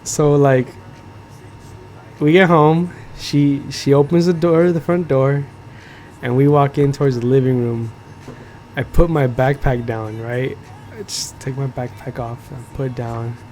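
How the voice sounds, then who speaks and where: Telling a story in casual chat, this young podcast host speaks at a measured pace in a darkish, mid-range voice with fairly even intonation, over slight background noise. His talk is profane and crowded with "like," and he keeps asking "you feel me."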